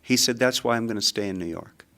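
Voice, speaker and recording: An older man with a low, gravelly voice tells a personal story. He is animated and acts out his own rising frustration as the tale builds. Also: fast talker. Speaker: screenwriter telling a personal story. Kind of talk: storytelling talk.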